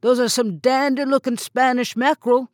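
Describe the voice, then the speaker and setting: A jovial old lighthouse keeper , read by a woman, greets neighbors in an audiobook scene. His speech is folksy and hearty, pitched only slightly up. The recording is close and dry. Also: steady tone, moderate pace, a little mellow, no echo, close to an everyday voice.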